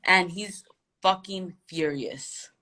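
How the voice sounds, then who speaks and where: A woman's voice: fairly low pitch, takes it slowly, bright, forceful tone. A woman from Phoenix in the United States, telling a story in a casual chat, laid-back and slangy, quoting what others said. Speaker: guest fighter.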